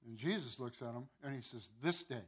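A pastor telling a sermon story, with many repeated words and restarts. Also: male voice, medium pitch, a little fast, breathy edge.

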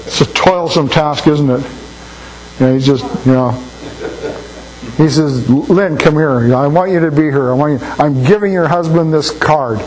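A man's voice: on the high side, moderate pace, a little mellow, poor audio. An older man preaching a sermon in a folksy, anecdotal way, often repeating words as he thinks. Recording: faint mains hum.

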